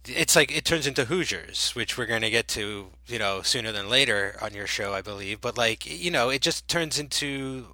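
A man's voice: mid-range voice, expressive, normal speed, few pauses, bright, forceful tone, dry recording, rough recording. A man guest on a podcast, talking casually about a film, full of fillers and acted-out lines. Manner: rambling, filler-heavy, acts out lines.

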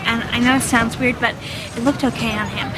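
Brief: actress as a gushing TV eyewitness, somewhat high voice, film clip in a noisy street. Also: female voice, fairly even intonation, fairly quick, lightly acted. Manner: gushing, breathless rambling. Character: chatty excited woman eyewitness on TV. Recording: film clip with loud music and crowd.

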